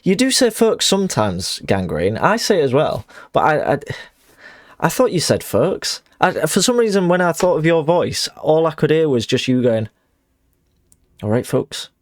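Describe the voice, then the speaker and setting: A man streaming a game, chatting playfully with his audience and mocking himself, his pitch leaping up when he gets excited. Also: normal speed, dry recording. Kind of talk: casual live-stream commentary.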